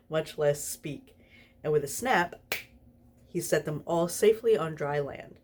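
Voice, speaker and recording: A woman's voice: low voice, unhurried, a little mellow. A tipsy woman reading a story aloud, giggling through it. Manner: giggly, snorty laughs while reading. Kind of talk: reading fan fiction aloud.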